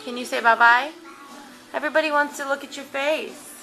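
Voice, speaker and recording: A woman filming her toddler at home on a handheld camcorder, coaxing him in slow, sing-song baby talk. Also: high voice, fairly even intonation, bright, forceful tone, soft background music. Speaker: mother talking to her toddler. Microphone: handheld camcorder mic.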